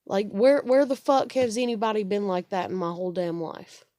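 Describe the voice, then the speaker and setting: A woman's voice: mid-range voice, moderate pace, dark tone, dry recording, studio quality. Furious, swearing woman venting. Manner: swearing, repetitive, exasperated. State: upset and stressed. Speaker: single parent venting. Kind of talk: angry personal rant to camera.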